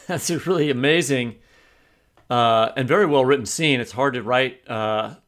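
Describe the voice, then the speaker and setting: A man's voice: mid-range voice, unhurried, a bit bright. A man co-hosting a podcast, asking a guest about his book in casual, loosely worded chat. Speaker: podcast co-host.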